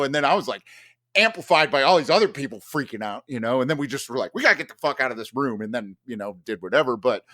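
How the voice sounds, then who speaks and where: A man's voice: medium pitch, no echo, clean studio sound. A man telling a long story in casual podcast chat, rambling with many fillers and restarts. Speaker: podcast host.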